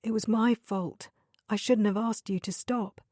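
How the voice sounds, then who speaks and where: A woman narrator voicing a tired, guilt-ridden young man who speaks quietly in an audiobook. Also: mid-range voice, fairly even intonation, measured pace, no room sound, clean studio sound, natural voice. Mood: guilty. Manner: quiet, apologetic.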